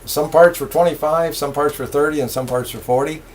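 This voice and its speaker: A man's voice: on the high side, brisk, slight background noise. An older man, a retired railroad engineer, telling his stories in an interview with plenty of laughter. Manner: lively, laughing, animated storyteller. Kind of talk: storytelling interview.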